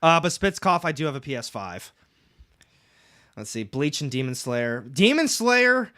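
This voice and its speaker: A man's voice: mid-range voice, lively intonation, normal speed, sharp tone. A young man hosting a casual comics livestream, rambling, reading chat aloud and swearing casually from his room at home.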